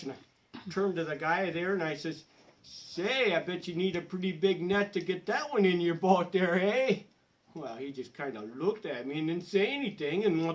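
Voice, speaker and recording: A middle-aged man telling a rambling, folksy comic story in a deadpan manner, with a bit of a cough. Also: on the high side. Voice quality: slightly coughing. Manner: folksy, rambling, peppered with "there" and "anyways". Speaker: comedic storyteller. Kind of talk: deadpan comic monologue in character.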